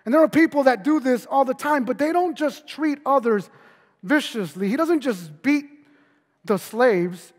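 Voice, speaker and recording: A man preaching a sermon as a pastor, earnest, stumbling over repeated words and dropping his voice low for emphasis. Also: expressive, a little slow, in a large hall.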